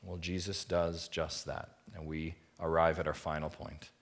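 A man preaching a sermon as pastor, moving from quiet reflection to emphatic appeals and repeated rhetorical questions to the congregation. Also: rumbling low, level tone, unhurried. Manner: swings between hushed reflection and rising emphatic appeals.

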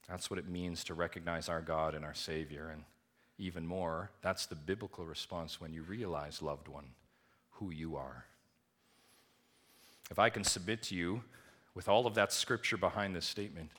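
A man preaching a sermon to his congregation, with booming high emphasis that drops to quiet, hushed lows. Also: brisk. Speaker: pastor.

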